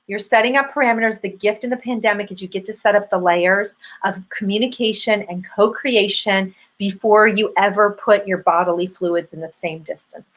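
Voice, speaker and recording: A woman's voice: mid-range voice, moderate pace, hardly any pauses, poor audio. A woman coaching on dating as a show guest, talking with energy and often acting out bits of dialogue. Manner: energetic, acts out dialogue in quoted voices. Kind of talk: advice talk on a show.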